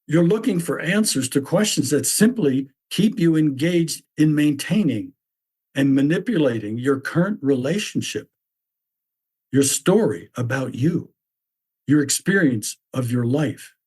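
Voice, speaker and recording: A man voicing a stern mythic figure who lectures bluntly in a measured, repetitive way. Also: a little high, animated, darkish tone, breathy edge. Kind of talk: reflective spoken essay.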